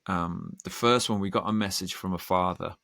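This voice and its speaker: A man's voice: low voice, vocal fry, a bit bright, dry recording, studio quality. A man, a podcast guest telling earnest stories in casual conversation. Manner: earnest, storytelling, quick bursts. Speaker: podcast guest, band singer.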